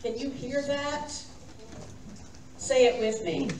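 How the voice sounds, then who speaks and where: A woman's voice: high-pitched, fairly even intonation, takes it slowly, a little mellow, a little hiss or hum. A woman minister giving a sermon, coaxing the congregation to repeat lines after her. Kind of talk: sermon with call and response. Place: church sanctuary. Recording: roomy church sound from a distant mic.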